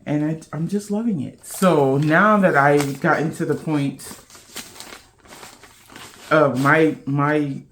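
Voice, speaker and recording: A woman's voice: low-pitched, fairly even intonation, takes it slowly, pauses often, slight background noise. A woman hosting a podcast in casual chat to camera, playful and loose, with slangy talk. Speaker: podcast host.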